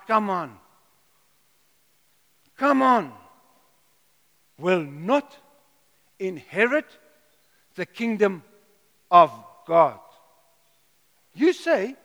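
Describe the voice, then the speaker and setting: Emphatic preacher, high voice. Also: male voice, a bit bright. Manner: emphatic, repeats words, rhetorical questions. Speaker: pastor. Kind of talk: sermon. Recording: long hall reverb.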